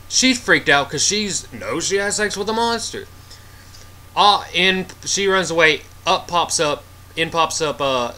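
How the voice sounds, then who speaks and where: A man's voice: on the high side, sharp tone. A man giving a casual, rambling movie review, exasperated and full of filler words.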